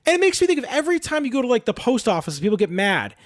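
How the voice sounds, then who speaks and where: A podcast co-host with a very high voice talks very fast, telling a story in casual chat. He's an animated storyteller who acts out voices and swears a lot, recorded in studio quality with no room sound.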